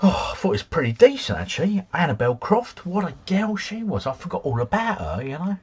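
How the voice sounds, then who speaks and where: Middle-aged man, livestream host, husky and lively, chatty and jokey, close desk mic. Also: high-pitched, a little fast, muffled recording. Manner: chatty, jokey, drifts off into tangents. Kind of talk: casual chat reading live comments. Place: home, drinking beer.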